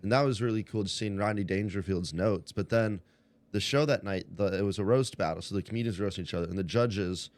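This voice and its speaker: A man's voice: on the low side, fast, darkish tone. A man telling a long story in a casual podcast chat, rambling and full of filler words.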